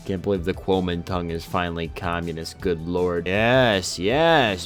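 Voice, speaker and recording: Playful low-voiced man narrating gameplay. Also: sing-song, slow, faint music behind. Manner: sarcastic, playful, exclaiming. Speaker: gaming YouTuber. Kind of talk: casual let's-play commentary.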